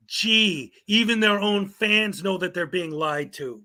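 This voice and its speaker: A man's voice: sits high, takes it slowly, sharp tone. A man hosting a commentary show, reading viewer comments aloud in a sarcastic, mocking way. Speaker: commentary channel host.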